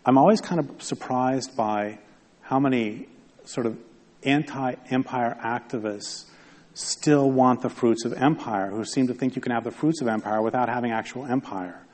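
Man, public talk, conversational, rambling, self-interrupting, wry, mid-pitched voice, long hall reverb. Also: moderate pace, a little mellow.

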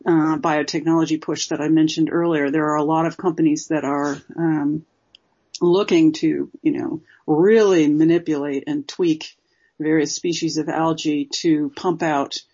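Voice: mid-range voice, fairly even intonation, measured pace, a little mellow, breathy edge. An interview guest, a former zoologist, explaining at length with many fillers. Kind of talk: interview conversation. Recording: dull lo-fi recording.

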